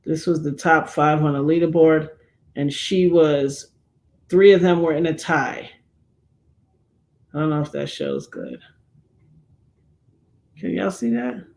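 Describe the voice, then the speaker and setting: A middle-aged woman hosting a livestream, chatting casually and telling animated stories while acting out the voices she quotes. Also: low-pitched, takes it slowly, creaky, pauses often. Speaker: livestream host. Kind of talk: casual storytelling chat.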